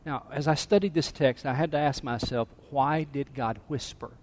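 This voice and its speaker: A fairly high-voiced man preaches to his congregation, swinging between near-whispers and emphatic calls. His voice rings through a church sanctuary with a long reverb tail. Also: normal speed. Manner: dynamic, drops to a hush then rises to emphatic. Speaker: pastor. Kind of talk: sermon.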